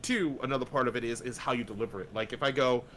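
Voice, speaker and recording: A man's voice: mid-range voice, quick pace, a bit bright, a little hiss or hum. A man who does voice acting, talking as a guest on a casual podcast in a blunt, talkative way and swearing freely.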